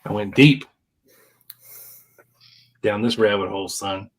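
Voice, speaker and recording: A man's voice: on the low side, takes it slowly, poor audio. A podcast host in his fifties chatting casually and reading old legal papers aloud with wry asides. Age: 50s.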